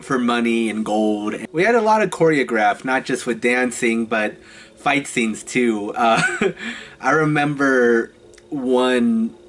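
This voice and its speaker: A man's voice: mid-range voice, fairly bright tone. Chatty young man telling theatre stories. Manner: chatty and halting, often laughing between phrases. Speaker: vlogger. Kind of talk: casual storytime vlog.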